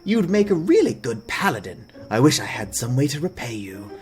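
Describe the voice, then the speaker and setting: A man's voice: mid-range voice, sing-song, normal speed, a little mellow, soft background music, close to an everyday voice. A man voicing an earnest, lovestruck young man in a game, talking in an eager, gushing way. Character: young male mayor's son, lovestruck and earnest.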